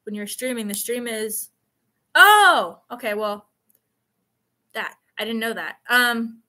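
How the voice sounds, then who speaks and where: A woman's voice: fairly high pitch, flat delivery, moderate pace, bright, forceful tone. A woman in her late twenties chatting casually on a live stream, telling rambling stories with plenty of fillers. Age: 20s. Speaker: vlogger.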